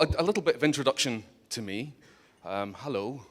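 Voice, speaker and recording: A man's voice: medium pitch, sing-song, normal speed, a bit bright. A man with a Scottish accent giving a humorous conference talk, joking and teasing the audience bluntly. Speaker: conference speaker. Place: conference hall stage.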